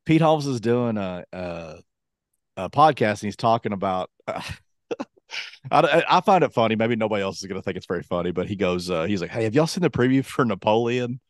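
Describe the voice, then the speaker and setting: Low-voiced guy co-hosting a podcast, rambly and self-mocking, dry close mic. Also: expressive, a little fast, no room sound. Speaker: podcast co-host. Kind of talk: casual chat.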